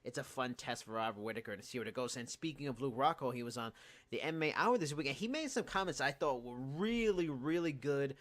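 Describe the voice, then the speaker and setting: A man's voice: mid-range voice, expressive, brisk, a bit bright. A man hosting a podcast, chatting casually and breaking down details analytically. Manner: analytical, talks through details at length. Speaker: podcast host. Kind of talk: casual chat.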